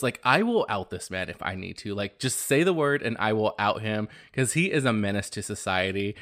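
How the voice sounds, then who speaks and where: A man hosting his own podcast, talking in a casual, animated and gossipy way, often exclaiming. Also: fairly low pitch. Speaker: podcast host.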